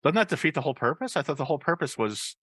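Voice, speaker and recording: A man's voice: a little high, big pitch swings, very fast, fairly bright tone, breathy edge, dry recording. A man hosting a casual interview, joking and teasing his guest with stumbling restarts. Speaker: host.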